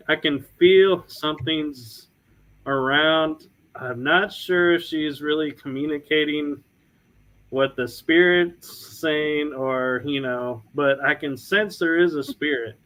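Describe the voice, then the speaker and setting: A man's voice: a little high, a bit bright, low-quality recording. A man from the US, a paranormal investigator and podcast co-host, telling an anecdote in casual chat and acting out the quoted dialogue.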